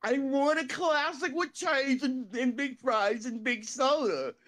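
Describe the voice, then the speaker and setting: A woman putting on the voice of a childlike, homeless older man who whines in a high, slow, whimpering way. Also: a bit bright. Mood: complaining.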